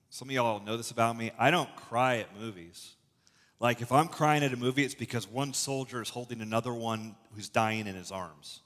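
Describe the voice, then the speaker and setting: A middle-aged male pastor delivers a sermon in a loose, conversational way, with animated stretches and frequent restarts. His voice sits in a middle range. The sound carries a long reverb tail from a large church room. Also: mid-range voice. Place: church auditorium.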